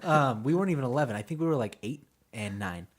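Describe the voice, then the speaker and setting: A man's voice: medium pitch, animated, quick pace. A young man in his twenties from Northern California, a podcast host rambling through childhood stories with lots of fillers, laughter and swearing. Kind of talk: casual storytelling chat.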